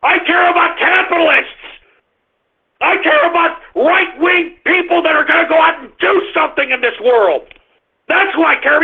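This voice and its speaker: A man hosting a radio talk show, ranting aggressively and shouting insults at his listeners. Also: very high voice, moderate pace. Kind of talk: angry ranting monologue. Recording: muffled phone-line radio stream.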